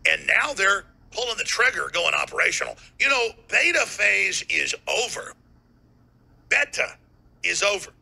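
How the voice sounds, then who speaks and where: A raspy, heavily gravelly man rants on his talk radio show, his voice tense and forceful. He swings wildly between low growls and high bursts, often breaking into shouts. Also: big pitch swings, unhurried. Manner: fiery, ranting, bursts of shouting. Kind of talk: heated talk radio monologue.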